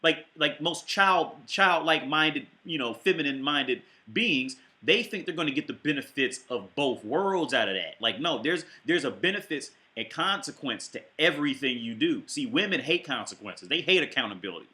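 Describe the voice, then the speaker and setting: A man's voice: on the high side, lively intonation, moderate pace, few pauses, sharp tone. A man hosting his channel, reacting to a clip with a heated, rambling, profane rant full of restarts.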